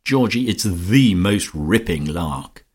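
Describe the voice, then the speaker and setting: A man voicing a boisterous young woman in an audiobook, his voice jumping high for her loud, giddy cries. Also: expressive, slow pace, slightly rough, exaggerated voice. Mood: giggly. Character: boisterous young women, shrieking with laughter.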